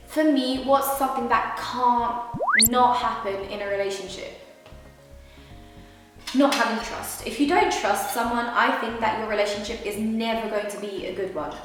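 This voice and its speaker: A woman's voice: fairly high pitch, fairly bright tone. A young woman from Surrey, England, chatting casually and rambling as she eats on camera. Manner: chatty, rambling, thinks aloud. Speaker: vlogger. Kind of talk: casual chat while eating. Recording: very echoey room, long reverb, faint music.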